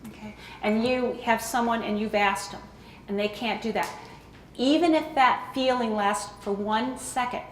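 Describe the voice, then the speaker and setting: Giving a casual, chatty talk to caregivers, this woman presenter checks in again and again with "okay?" Her medium-pitched voice carries some reverb, with slight background noise.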